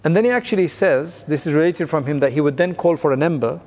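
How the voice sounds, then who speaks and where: A man's voice: on the high side, lively intonation, fast, darkish tone, big-room sound. A man giving a recorded religious class, explaining old narrations plainly and mixing in Arabic phrases. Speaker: religious teacher.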